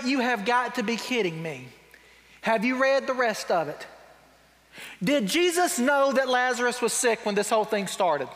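A man pastor delivers a sermon with a notably high voice, paraphrasing scripture in plain, wry everyday speech. He leans hard on key points, then sinks into quiet reflection. The sound carries a long reverb, as in a large church hall. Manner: wry and emphatic, dropping to quiet reflective tones.

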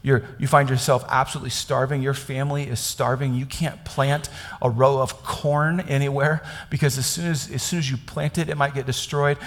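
A man's voice: mid-range voice, little pitch movement, moderate pace, long reverb tail. A man from Kansas preaching a conversational sermon, often asking his listeners questions. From Kansas, United States. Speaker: pastor.

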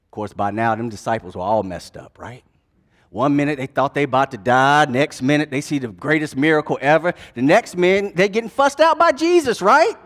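A man preaching a sermon, retelling a gospel scene in dramatic, folksy storytelling that swings between hushed and loud passages. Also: a little high, brisk. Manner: casual, folksy turns of phrase.

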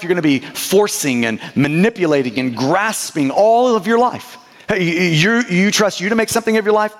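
High-pitched guy preaching, earnest, keeps repeating words, big echoey church sound. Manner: earnest, repeats words and stumbles, direct questions to listeners. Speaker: pastor. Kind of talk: sermon.

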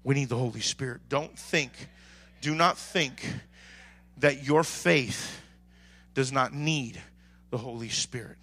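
A man preaching a sermon as pastor, swinging between quiet talk and shouted calls to the congregation. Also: medium pitch, slow pace, long pauses. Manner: preaches with sudden shouts and call-and-response.

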